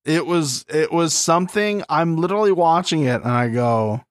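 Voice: mid-range voice, moderate pace, dry recording, studio quality. A co-host of a podcast, recapping a reality show in a dramatic, mocking way. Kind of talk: casual reality TV recap chat.

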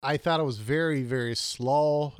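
A man's voice: medium pitch, normal speed, clean tone, no echo, studio quality. A man co-hosting a casual movie review chat, rambling and losing his words mid-sentence.

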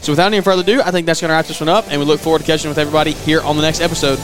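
A man with a Southern US accent hosting a podcast, relaxed and halting, with many fillers. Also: on the high side, over music. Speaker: podcast host. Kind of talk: casual interview chat.

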